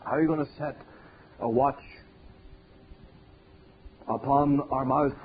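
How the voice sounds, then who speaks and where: A man preaching a sermon, hammering points home through repetition and building to loud peaks. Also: mid-range voice, steady tone, takes it slowly, long pauses, breathy edge. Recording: tinny phone-like sound with faint hiss.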